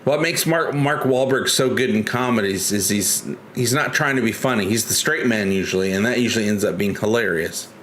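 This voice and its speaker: A man's voice: on the low side, brisk, few pauses, fairly bright tone, a little hiss or hum. A man hosting a casual live stream, chatty and joking, who rambles and restarts his sentences often. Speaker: livestream host.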